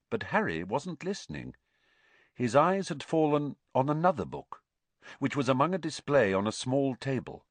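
A man reading an audiobook aloud in an expressive, theatrical storytelling manner. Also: mid-range voice, normal speed, dry recording. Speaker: audiobook narrator.

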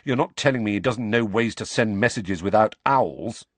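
A man's voice: lowish voice, moderate pace, no room sound, close to an everyday voice. A man reading the part of a bitter, defiant teenage boy in an audiobook, in clipped, rising lines. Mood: angry.

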